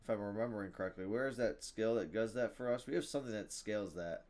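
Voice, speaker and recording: A young man streaming a card game, casual and excitable, muttering to himself and then breaking into loud shouts. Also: on the low side, fast talker. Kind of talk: casual gameplay commentary.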